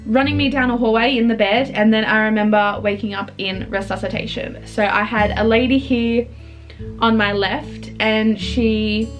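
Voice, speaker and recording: A young woman, telling a personal story in an earnest, halting way, with restarts. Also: on the high side, fairly even intonation, soft background music.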